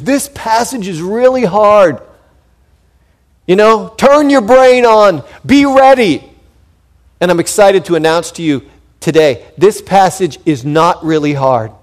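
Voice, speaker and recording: A man preaching an expository sermon as a pastor, talking conversationally with frequent restarts and sudden emphatic rises in loudness. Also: on the high side. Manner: frequent repeated words and restarts.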